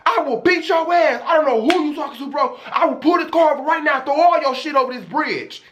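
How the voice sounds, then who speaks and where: A man acting out an angry male rideshare driver who shouts threats during a storytime vlog. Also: extremely high pitch, expressive, a little fast, pitched above the performer's own voice. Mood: furious.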